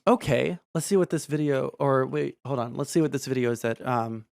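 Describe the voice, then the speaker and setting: A streamer reacting to news clips live, sarcastic and prone to loud, swearing outbursts. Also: medium pitch, fairly even intonation, fairly quick, creaky.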